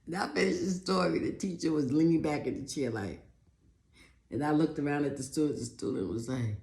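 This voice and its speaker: A woman telling a personal story in a talk, animated, acting out other people's voices and often repeating words. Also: low voice, brisk, gravelly, reverberant. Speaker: speaker giving a talk.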